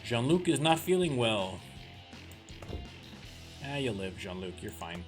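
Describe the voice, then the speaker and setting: A man's voice: mid-range voice, big pitch swings. Chatty Canadian man commenting on a game. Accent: southern Ontario Canadian. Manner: chatty, self-mocking, quick to laugh. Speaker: let's play host. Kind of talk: casual gameplay commentary. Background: game music.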